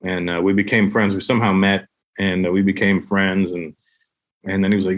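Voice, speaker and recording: A man's voice: low voice, fairly quick. Middle-aged man telling comedy anecdotes. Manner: animated, acts out other people's voices with laughs. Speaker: guest comedian. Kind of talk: casual storytelling anecdotes.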